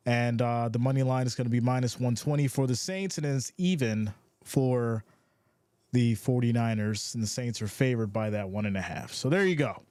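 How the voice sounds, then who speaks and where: A man's voice: mid-range voice, a little mellow, no room sound. New york guy chatting on a sports stream, upbeat, says stuff twice, mid voice, dry sound. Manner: upbeat, repeats phrases, greets chat viewers by name. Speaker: live stream host. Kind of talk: casual live-stream chat.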